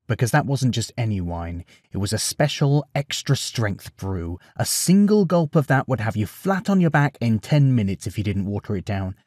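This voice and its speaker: A male storyteller reading a bedtime tale, expressive and animated. His voice sits at a middle pitch and sounds dry and close to the mic. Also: dry recording.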